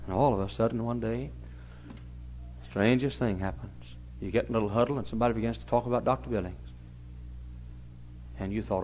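A middle-aged male pastor preaching a story-driven sermon, swinging from hushed tones to loud exclamations, on a dull lo-fi recording. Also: fairly low pitch, fairly quick, pauses often, a little hiss or hum.

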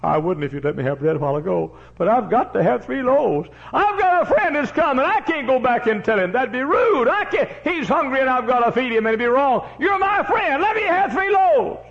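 A man's voice: very high-pitched, very animated, fairly quick, vocal fry, hardly any pauses, breathy edge, pitched above the performer's own voice, exaggerated voice. A man voicing a desperate man who keeps begging his neighbor for bread at night. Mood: pleading. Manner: pleading, insistent. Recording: dull lo-fi recording.

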